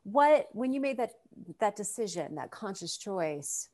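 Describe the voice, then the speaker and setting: A woman coach talking in a relaxed conversation; she sounds thoughtful and encouraging. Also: medium pitch, measured pace. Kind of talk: casual conversation.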